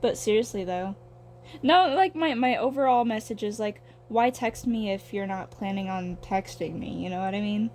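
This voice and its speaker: A woman's voice: mid-range voice, normal speed, darkish tone, a little hiss or hum. A young woman in her twenties talking casually while she draws, rambling and swearing with a self-deprecating streak. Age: young adult. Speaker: vlogger.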